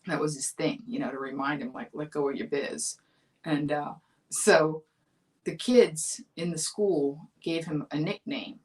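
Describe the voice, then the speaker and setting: Recorded from a distance, a low-pitched woman in her fifties from Florida speaks a little slowly while hosting her weekly livestream comedy talk show. She laughs her way through a chatty, amused childhood story.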